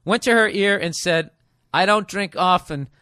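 A forceful, middle-aged man hosts a comic advice podcast, reading letters and mocking them in loud, profane riffs. His voice sits fairly high and comes through on a dry, close studio mic. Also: normal speed, dry recording. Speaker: podcast host.

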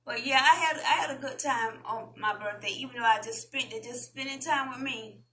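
A woman with a Southern US accent, chatting casually with viewers as a vlogger and reading an article aloud in a slow, deliberate way. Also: on the high side, bright, forceful tone, a little hiss or hum, rough recording.

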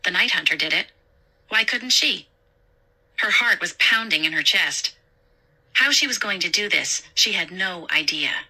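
Bright woman narrating a suspenseful story. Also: on the low side, animated, unhurried, long pauses, husky, low-quality recording.

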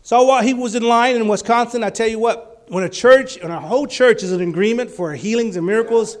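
A male preacher giving a sermon, telling healing stories and rising to loud, fervent exclamations. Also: extremely high pitch, a little fast.

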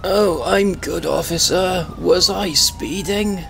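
A man voicing a tired, confused old British gentleman with a strained throaty voice, slow and genteel in a game role-play. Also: sits high, vocal fry, slight background noise, voice pushed up, full character voice. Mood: polite, befuddled. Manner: slow, genteel, addresses officers formally.

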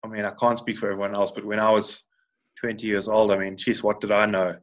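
Speaking fast in a lowish, level voice, a former Paralympic swimmer from South Africa, in his thirties, chats as a guest on a casual podcast. His answers ramble, full of restarts and fillers, and the recording sounds dull and lo-fi.

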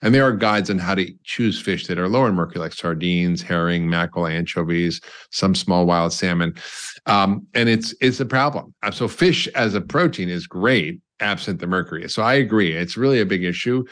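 A very low-pitched man speaks as a doctor in an interview. He explains at length, stacking up examples and restarting phrases as he thinks. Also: moderate pace, fairly bright tone. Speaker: doctor and guest. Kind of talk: conversational interview.

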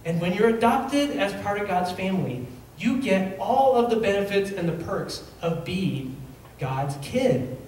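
Casual storytelling pastor in an echoey hall. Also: male voice, high voice, lively intonation, a little slow, a little mellow, slight background noise. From Reno, Nevada, USA. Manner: casual, rambling storytelling with acted-out quotes. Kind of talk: sermon. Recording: very echoey hall, mic at a distance.

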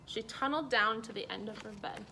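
Lady reading a kids book out loud, expressive, bright voice, faint hiss. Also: fairly high pitch, brisk, low-quality recording. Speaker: storyteller. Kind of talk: children's story read-aloud.

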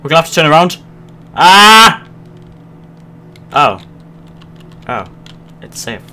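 A man playing a horror game on camera, his voice bright and quite high. He swears constantly and yelps or shouts at the screen when startled. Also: animated, normal speed. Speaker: let's play host. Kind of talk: gaming commentary.

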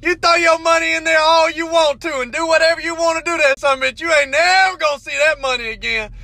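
Loud, bright-voiced man ranting. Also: very high voice, fairly even intonation, quick pace, vocal fry. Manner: loud, crude, drawling storytelling. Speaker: comedian. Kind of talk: comedic rant to camera.

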